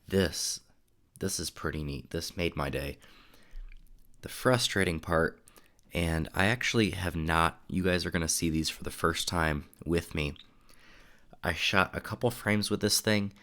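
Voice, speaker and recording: A young man with a stuffy, sniffly voice, chatting casually and rambling on a live stream from his home desk. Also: a bass voice. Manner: relaxed, rambling, reads chat aloud. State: congested, sniffling.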